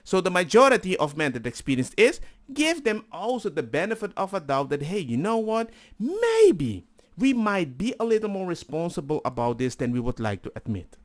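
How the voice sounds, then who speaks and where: Animated high-voiced man reacting. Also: normal speed. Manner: animated, exclaiming, acts out quoted dialogue. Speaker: reaction channel host. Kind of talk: casual reaction commentary.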